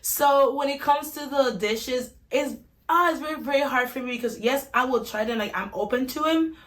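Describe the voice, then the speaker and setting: A woman's voice: sits high, normal speed, a bit bright. A young woman from Puerto Rico with an Atlanta-style American accent, talking in an upbeat, chatty way with lots of likes. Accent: American, Atlanta-influenced. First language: Spanish. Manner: upbeat, chatty, says like a lot. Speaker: vlogger. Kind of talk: casual vlog.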